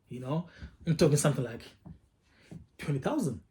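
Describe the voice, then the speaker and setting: A man's voice: medium pitch, lively intonation, a little slow, darkish tone, a little hiss or hum. A man telling a story from his own life in a casual, candid way. He swears freely and often repeats himself. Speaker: vlogger.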